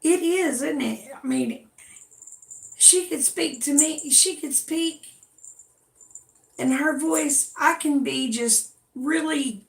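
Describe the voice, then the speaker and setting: Southern woman, chatty drawl, gravel in her voice, echoey room, casual livestream host. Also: high voice, slow, long pauses. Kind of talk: casual chat.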